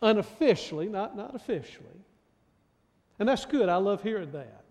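A man's voice: high voice, sing-song, moderate pace, a little mellow, long reverb tail. A man preaching a sermon as pastor, emphatic, often restarting and repeating words.

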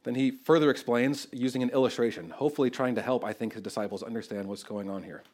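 Animated conversational male preacher. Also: mid-range voice, fast. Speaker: pastor. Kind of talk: expository sermon.

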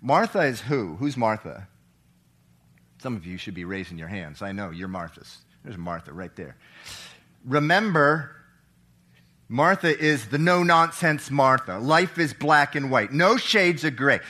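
A middle-aged man preaching a sermon, swinging between loud, emphatic lines and hushed, soft reading, and asking the congregation questions. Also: mid-range voice, big pitch swings, a little slow. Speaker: pastor.

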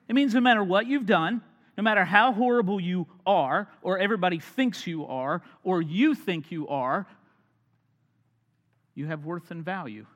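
A male pastor preaches in a fairly high voice, swinging dynamically from loud, emphatic points to quiet lines that are nearly whispered. The sound rings through a big hall with a long, lingering reverb.

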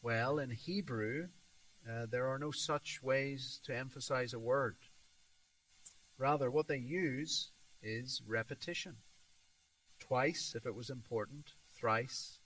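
A man delivering a sermon at an unhurried pace, his voice sitting at an ordinary middle pitch. He builds emphasis by repeating key words with rising force, then lets his lines fall quiet as a point lands. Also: breathy edge, rough recording. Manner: slow, emphatic preaching with swelling repetitions. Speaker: preacher.

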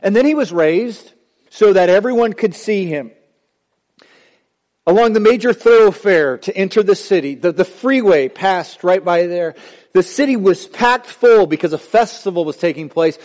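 A man preaching a sermon as pastor, swinging between loud passionate peaks and hushed low passages. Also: lively intonation, a little slow. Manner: dramatic preaching, voice rising and dropping sharply. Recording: long hall reverb.

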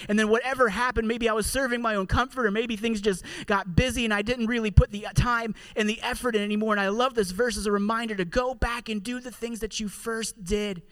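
High-voiced man preaching an earnest sermon. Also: fairly bright tone, clear, resonant tone. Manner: earnest, conversational preaching with slowed, drawn-out scripture reading. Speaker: pastor.

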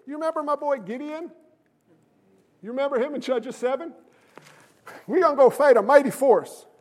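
A pastor preaching a sermon, animated and jokey, bursting into shouted emphasis. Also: male voice, very high-pitched, in a large hall.

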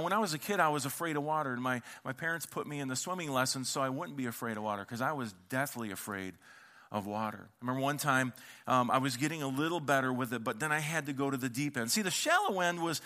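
Bright-voiced pastor preaching animatedly. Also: male voice, mid-range voice. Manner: animated storytelling, acting out quoted voices; conversational, with casual slang and repeated words. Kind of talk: sermon.

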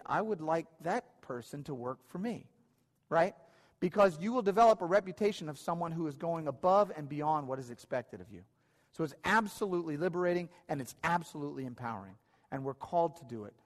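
Male pastor, slightly raised pitch, preaching conversationally with restarts, long hall reverb. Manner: conversational, many restarts and repeated phrases. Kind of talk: sermon. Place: church hall.

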